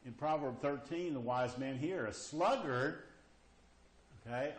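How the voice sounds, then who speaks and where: A man's voice: medium pitch, measured pace. A man preaching a sermon, often checking in with his listeners with questions like "okay?" and "you see?". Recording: echoey room.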